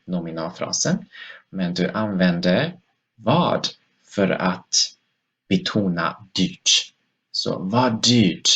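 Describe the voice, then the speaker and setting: A man's voice: fairly low pitch, fairly bright tone. A man teaching a language lesson, explaining step by step and repeating each example sentence twice.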